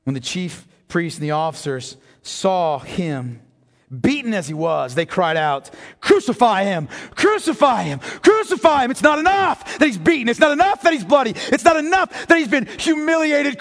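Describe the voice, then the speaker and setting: A man preaching a sermon as pastor, swinging from hushed reading to shouted emphasis. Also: very high-pitched, sing-song, normal speed. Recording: hall reverb.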